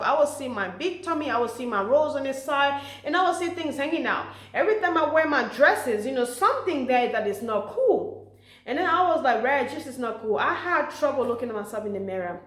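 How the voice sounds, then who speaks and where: A woman with a fairly high voice talks earnestly and warmly, giving encouraging advice to mothers. She leans on "you know" and "okay" as she goes. Her voice rings with the echo of the room around her. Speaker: motivational speaker for mothers. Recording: echoey room.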